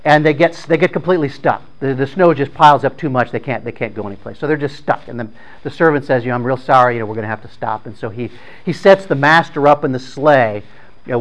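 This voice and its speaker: A man's voice: mid-range voice, low-quality recording. A man informally retelling a story in plain, conversational words, often repeating and restarting his phrases.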